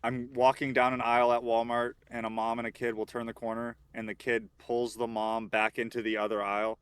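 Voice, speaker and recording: Dry, smooth-voiced man. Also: mid-range voice, monotone, fairly bright tone. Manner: dry, understated, halting. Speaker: podcast guest. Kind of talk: casual chat.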